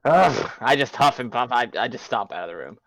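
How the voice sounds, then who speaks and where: A man's voice: medium pitch, animated, fast talker, fairly bright tone, no echo. A man playing a tabletop game, narrating his character's actions with lots of fillers. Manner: rambling, filler-heavy narration. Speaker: player. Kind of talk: tabletop role-play chat.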